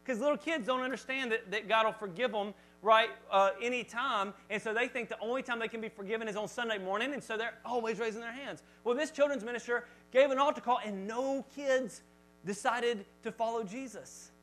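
A male pastor preaching a sermon to his congregation in church, talking in a lively, chatty way and joking with the crowd. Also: very high-pitched, brisk, rough recording. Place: church service before a congregation.

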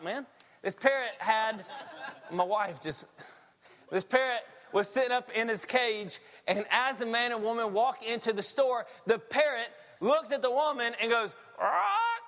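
A male pastor preaching a sermon, telling stories in an animated, laughing way. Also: extremely high pitch, in a large hall.

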